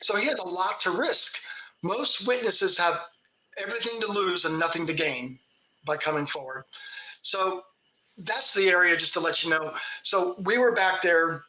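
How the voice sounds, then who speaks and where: A man's voice: sits high, normal speed, bright, forceful tone, echoey room, rough recording. A man from Kentucky, a Bigfoot researcher, telling folksy stories with laughs in casual talk. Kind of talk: casual storytelling.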